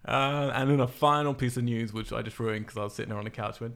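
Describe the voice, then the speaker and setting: A man's voice: medium pitch, flat delivery, fast, creaky, fairly bright tone. A man hosting a podcast from England, chatting casually with a laugh, full of "like" and "uh". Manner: laughs often, chatty, frequent "like" and "uh". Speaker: podcast host. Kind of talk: casual chat.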